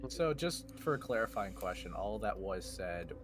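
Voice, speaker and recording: A man's voice: deep voice, big pitch swings, normal speed, background noise. A man co-hosting a casual commentary chat in a giggly, teasing manner. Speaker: co-host.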